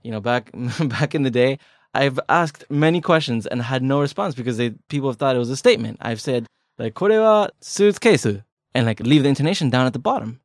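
A man's voice: mid-range voice, quick pace, no echo, clean studio sound. A man co-hosting a casual language-learning podcast, explaining with jokes and everyday examples. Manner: chatty, joking, explains with examples. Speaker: language lesson co-host.

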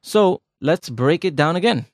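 A man with a fairly high, lively voice speaks a little slowly as he co-hosts a language lesson podcast. He keeps the grammar explanations laid-back, chatty and joking, and the studio sound is clean with no echo.

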